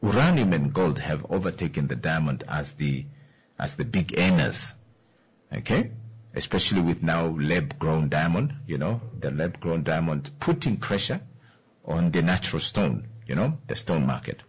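Low husky man, lively questioning delivery. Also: moderate pace, low-quality recording. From Namibia. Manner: repeats key phrases, asks the listener questions. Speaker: radio or podcast host. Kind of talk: solo commentary on the economy.

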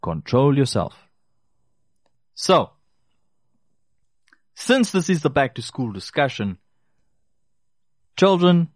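A man's voice: mid-range voice, no room sound, clean studio sound. A man giving consumer advice, talking directly to listeners and repeating key phrases for emphasis. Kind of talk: casual advice talk to listeners.

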